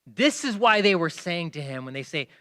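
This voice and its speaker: High-voiced man preaching emphatically. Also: big pitch swings, moderate pace. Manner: emphatic preaching, swinging between loud stresses and hushed asides; explains by asking listeners to pay attention. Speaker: pastor. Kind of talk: sermon.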